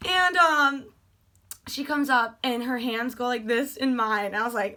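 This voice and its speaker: A young woman vlogger telling a story with gushing excitement, full of fillers. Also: high voice, normal speed. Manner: gushing, animated, many fillers like "like".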